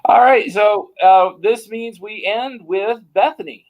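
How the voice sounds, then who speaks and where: A man's voice: sits high, unhurried, phone-quality sound. A man moderating a panel on a video call, talking in a playful, casual way.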